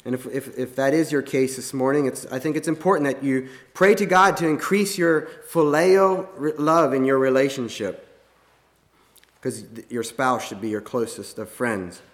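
A man preaching a sermon in an earnest, plain-spoken way, often pausing and restarting his sentences. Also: mid-range voice, fairly even intonation. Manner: halting, many restarts and fillers.

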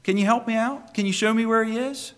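A man's voice: extremely high pitch, brisk, long reverb tail, pitched above the performer's own voice. A preacher voicing a grieving woman who pleads for help finding her lord. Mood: pleading. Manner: pleading, tearful.

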